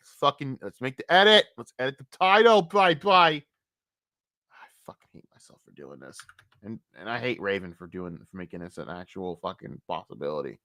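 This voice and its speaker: A streamer ranting on a live stream, cursing constantly, dropping to low mutters and then bursting out loud, and often repeating the same phrase several times. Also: no room sound, clean studio sound. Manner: profane, swings between low muttering and loud outbursts.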